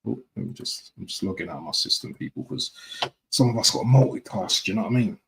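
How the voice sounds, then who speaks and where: A man's voice: on the low side, fast, gravelly, a bit bright, a little hiss or hum, low-quality recording. A man from talking casually to his viewers on a live stream, repeating himself and often asking "yeah?". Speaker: football fan streamer.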